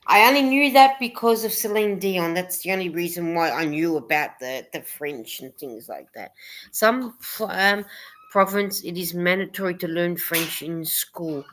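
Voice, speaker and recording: A woman's voice: lowish voice, moderate pace, a bit bright. A woman hosting a casual livestream chat, rambling a little and reading viewer comments aloud. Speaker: host of a live chat stream.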